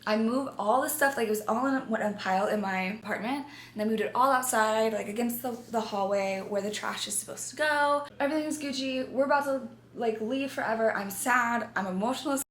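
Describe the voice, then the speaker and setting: A woman vlogger telling a story in animated casual chat, talking straight to her viewers. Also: fairly high pitch, brisk, few pauses. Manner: animated, chatty, addresses viewers as you guys. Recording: echoey room, faint background noise.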